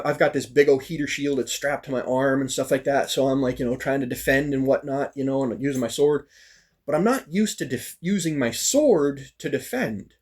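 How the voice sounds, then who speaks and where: Husky man telling a casual story. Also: medium pitch. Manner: animated, acts out quoted lines, frequent fillers. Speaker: storyteller recounting a fighting practice.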